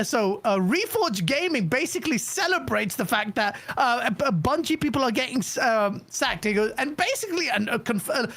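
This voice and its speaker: Loud, foul-mouthed woman podcast co-host. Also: on the high side. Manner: loud, profane and heckling. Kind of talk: casual podcast banter.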